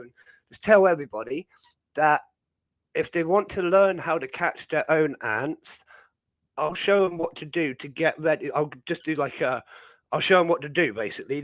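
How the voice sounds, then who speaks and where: Chatty British man, bright voice, dry. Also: on the high side, no room sound. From Britain. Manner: rambling, chatty, many fillers. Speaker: livestream host. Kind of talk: casual chat.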